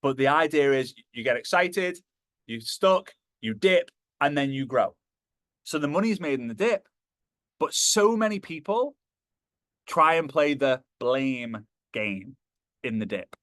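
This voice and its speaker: A man giving a motivational talk to a live audience, animated and jokey, slipping into acted voices. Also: mid-range voice, unhurried, no echo. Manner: animated, acts out quoted voices, jokey asides. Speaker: motivational speaker.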